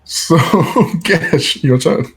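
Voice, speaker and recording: A man's voice: on the high side, lively intonation, extremely slow. Man running a tabletop game. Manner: chatty, laughing, frequent restarts. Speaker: dungeon master. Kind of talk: narrating a tabletop game, casual.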